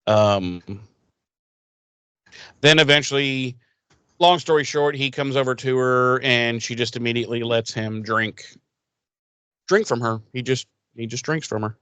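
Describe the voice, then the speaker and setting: A man's voice: medium pitch, measured pace, pauses often, a bit bright, clean tone, dry recording. Profane rambling man recapping a show. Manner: profane, rambling, acts out characters' lines in silly voices. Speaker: podcast co-host recapping an episode. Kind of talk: casual crude recap chat.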